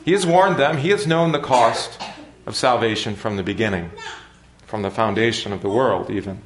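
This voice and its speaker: A man preaching a sermon in a measured, earnest manner with deliberate pauses. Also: fairly low pitch, roomy sound. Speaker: pastor.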